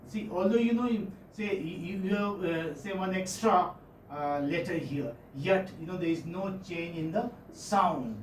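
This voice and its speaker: Speaking at a measured pace in a high-pitched voice, the Indian English-accented lecturer repeats words over and over and checks in with his students often during a phonetics lesson. The classroom is echoey, the mic distant, with faint background noise.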